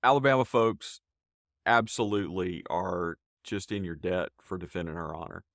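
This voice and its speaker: A male podcast co-host speaks from a low register and answers a guest's story with warm, affirming remarks. The recording is dry, with no room around it. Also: normal speed, no room sound. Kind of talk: casual interview.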